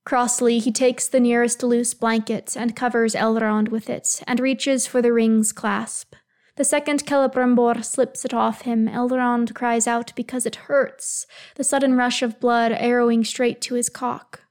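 A woman calmly reading fan fiction aloud, telling the story in an even voice. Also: on the high side, a little slow. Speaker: reader.

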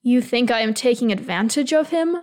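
A woman's voice: a little high, expressive, normal speed, darkish tone, lightly acted. A woman voicing a proud, stubborn male elf king who speaks insistently and defensively. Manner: insistent, bristling.

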